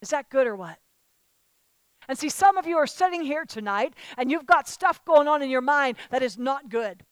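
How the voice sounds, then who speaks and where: A woman preaching a sermon to a live audience. She speaks emphatically, calls out to the listeners and rises to loud declarations. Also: high-pitched, lively intonation, moderate pace, dry recording.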